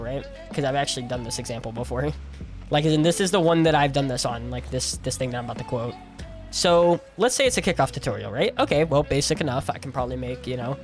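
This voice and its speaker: A tired man in his twenties streaming, chatting casually in a rambling, self-mocking way and laughing often. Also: a little high. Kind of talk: casual livestream chat while gaming.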